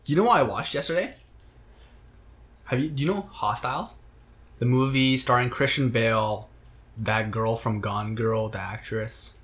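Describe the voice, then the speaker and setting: A man with an ordinary mid-range voice chats on a podcast. He talks haltingly, stumbling and restarting as he searches for words. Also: mid-range voice, fairly bright tone. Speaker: podcast co-host. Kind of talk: casual chat.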